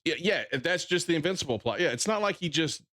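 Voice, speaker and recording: A man's voice: a little high, expressive, fast talker, sharp tone. A man with a Southern drawl ranting bluntly on a casual livestream, swearing freely and often restarting his sentences. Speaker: streamer.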